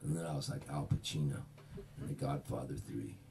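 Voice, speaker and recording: A man's voice: rumbling low, brisk, creaky, recorded from a distance, a little hiss or hum. A man telling comic stories to a small audience at a private house party, acting out the people in his tales. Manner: animated, acts out the voices in his stories. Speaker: singer-songwriter performing a house concert. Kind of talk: live comic storytelling between songs.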